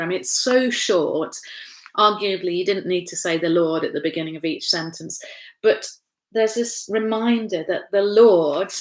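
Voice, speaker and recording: A woman pastor from England teaching an informal Bible study from home. Her voice sits a little low, and she talks in a chatty, conversational way, full of tag questions, fillers and restarts.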